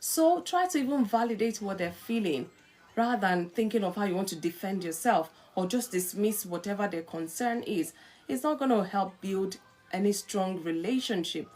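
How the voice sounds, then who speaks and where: A middle-aged woman hosting a live-stream talk on marriage, coaching listeners in an earnest, animated way. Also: medium pitch, normal speed. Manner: animated, acts out quarrelling spouses in quotes. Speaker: host.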